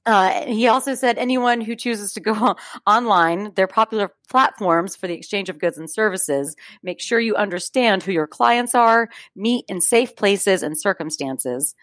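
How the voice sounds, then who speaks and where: A podcast co-host reads a true-crime story from her notes, adding chatty asides and laughing often. Her mid-range voice has a fairly bright tone, she moves at a moderate pace with hardly any pauses, and there is no room sound.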